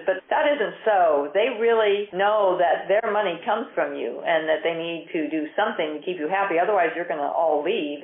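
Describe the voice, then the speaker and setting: A woman with a fairly low voice tells her story in an earnest, emphatic way. The sound is thin and phone-like, and it echoes in a room. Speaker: market technician and educator. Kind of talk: recorded talk on investing.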